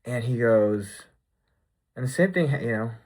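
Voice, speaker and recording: A man's voice: mid-range voice, expressive, measured pace, a little mellow. A man chatting casually in a recap vlog, rambling with lots of "like" and "you know". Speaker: vlogger.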